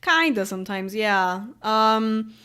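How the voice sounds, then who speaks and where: A woman's voice: mid-range voice, expressive, takes it slowly, bright, forceful tone, smooth. A woman in her late twenties with a Polish accent, chatting casually with viewers and answering their comments, rambling with lots of fillers and easy laughs. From Poland. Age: late 20s. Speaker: YouTuber.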